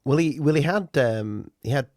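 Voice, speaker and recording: A man's voice: medium pitch, expressive, moderate pace, darkish tone, no echo. Hesitant man co-host, dry sound. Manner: hesitant, many fillers. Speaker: podcast co-host. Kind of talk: casual chat.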